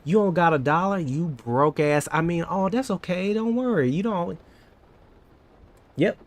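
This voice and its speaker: A man in his thirties speaks in a high-pitched, unhurried voice as he casually chats with live viewers. He's a coding vlogger whose playful, joking style now and then slides into over-the-top drama.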